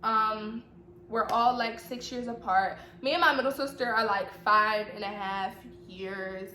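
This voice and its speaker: A woman's voice: on the high side, measured pace, pushed and bright. A young woman from Atlanta with a slight Southern accent, chatting casually to camera, repeating herself with playful teasing asides. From Atlanta, Georgia. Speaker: vlogger. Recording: echoey room with faint noise.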